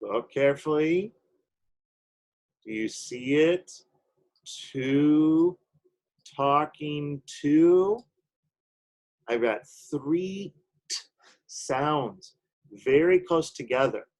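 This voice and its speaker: A man teaches a poetry lesson in a slightly high voice. He explains patiently, one step at a time. He keeps pausing to check that students are following. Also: expressive, a little mellow, low-quality recording.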